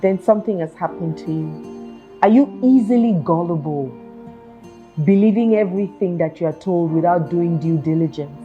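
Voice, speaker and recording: A woman's voice: lowish voice, normal speed, phone-quality sound, soft background music. A woman hosting a self-help talk show, earnestly asking her listeners one rhetorical question after another. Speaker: podcast host.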